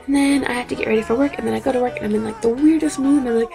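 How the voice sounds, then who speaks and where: A young woman in her twenties tells stories in a chatty video diary, her voice gravelly and pitched a little high. She acts out quotes with animated jumps in tone, and faint music plays behind her. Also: racing. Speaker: vlogger. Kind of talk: casual storytelling vlog.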